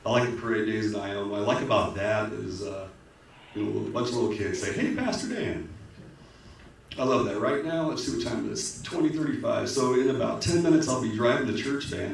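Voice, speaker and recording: A man's voice: on the low side, fairly even intonation, a little fast, gravelly. A man giving an earnest, emotional candidate's speech at a public forum, often restarting his sentences. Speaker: political candidate. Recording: echoey hall from far off, faint noise.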